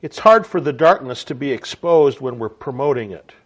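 A man's voice: mid-range voice, expressive, normal speed, slightly rough. A man giving a reflective spoken sermon message in an earnest way, with frequent stammered restarts. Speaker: preacher.

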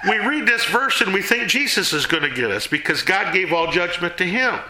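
A man giving a casual sermon to a small group, folksy and animated, jumping between loud and hushed. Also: sits high, a little fast, few pauses, reverberant, a crowd in the background. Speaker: Bible teacher.

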